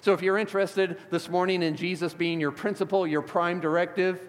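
A middle-aged man from the Chicago area preaches in a church sanctuary, his voice sitting a little high for a man. He talks to the congregation like a friend, then presses his points with rising fervor. A long church reverb trails his words. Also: steady tone, fairly quick, hardly any pauses. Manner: conversational preaching, building to fervent emphasis. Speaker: pastor. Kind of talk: sermon.

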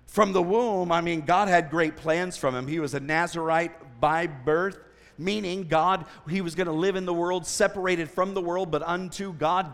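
A man preaching a sermon as a traveling preacher, telling a story with lively asides and voiced quotes. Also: on the high side. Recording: long hall reverb.

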